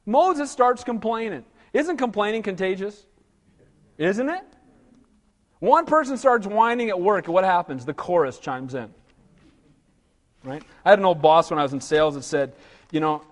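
A man preaching a sermon as pastor, animated, asking rhetorical questions and acting out whiny voices. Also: high voice, normal speed, long pauses, in a large hall.

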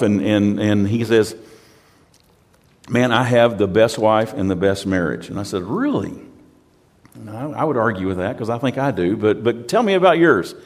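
A man's voice: mid-range voice, big-room sound. A pastor from the United States preaching a sermon in a conversational, storytelling way, often repeating words as he restarts.

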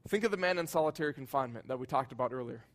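A man preaching a sermon, earnest and emphatic, his voice swelling loud at high points and sinking soft and low at others. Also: expressive, rapid-fire. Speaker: pastor.

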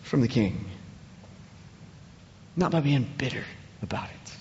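Animated preacher man in an echoey hall. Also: medium pitch, unhurried, pauses often, dull audio. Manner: animated, repeats words when excited. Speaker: pastor. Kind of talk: sermon.

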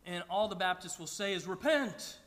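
A man's voice: sits high, lively intonation, unhurried, bright, forceful tone, big-room sound. A man preaching a sermon to a congregation, earnest and often stammering through restarts. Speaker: pastor. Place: church sanctuary with a congregation.

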